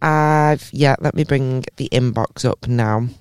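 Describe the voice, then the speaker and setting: A woman's voice: very deep voice, a little mellow, clear, resonant tone, no room sound, clean studio sound. Blunt, crude woman. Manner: blunt, crude banter, quick jokes. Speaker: podcast co-host. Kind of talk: casual chat.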